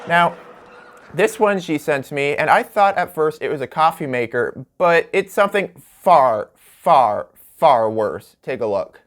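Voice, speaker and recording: A man with a somewhat high, animated, slightly bright voice hosts a comedic homemade late-night talk show at a measured pace. He jokes his way through product listings, laughs at his own bits, and stretches words for emphasis.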